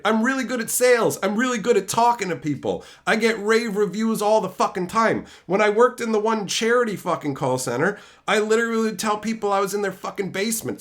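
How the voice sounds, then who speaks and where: Brash, animated male streamer. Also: sits high. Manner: profane, brash, animated storytelling. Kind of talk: casual stream chat, storytelling.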